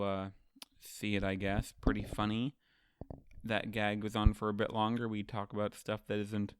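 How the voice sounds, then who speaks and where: A man's voice: lowish voice, clear, resonant tone, no room sound. Offhand young man recapping manga. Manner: offhand, sarcastic, summarizes with mock quotes. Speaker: manga chapter reviewer. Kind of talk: casual recap commentary.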